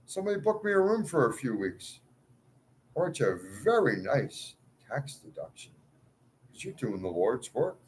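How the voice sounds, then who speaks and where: A man's voice: mid-range voice, sing-song, normal speed, a little hiss or hum, rough recording. Agitated ranting man, voice leaping around. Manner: agitated, pleading, swings between outbursts and muttering. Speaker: self-styled cleric addressing followers. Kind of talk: ranting monologue to followers.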